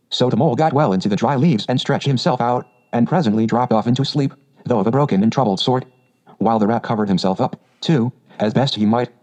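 A man narrating an audiobook in a measured, unhurried storytelling manner. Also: mid-range voice, darkish tone, lo-fi sound.

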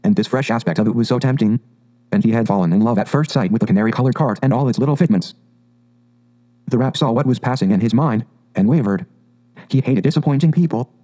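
A man reading a classic animal storybook aloud in a measured, expressive way. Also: mid-range voice, rough recording. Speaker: audiobook narrator.

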